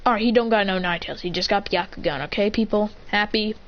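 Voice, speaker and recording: A woman's voice: medium pitch, quick pace. Rambling woman improvising a fan story. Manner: rambling, self-correcting, adds vocal sound effects. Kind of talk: improvised fan-fiction narration. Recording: slightly muffled, faint hiss.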